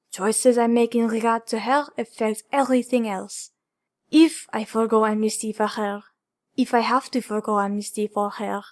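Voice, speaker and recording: A woman's voice: fairly high pitch, a little mellow, close to an everyday voice. A woman reading the part of a grave male hero leader, speaking in an earnest, apologetic and insistent way in an audiobook.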